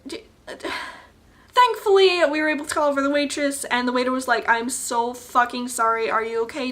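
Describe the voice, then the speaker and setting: Bright, high-voiced young woman venting. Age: young adult. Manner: exasperated, swears often, rambling restarts. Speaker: vlogger. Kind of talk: ranting to camera. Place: resort hotel room.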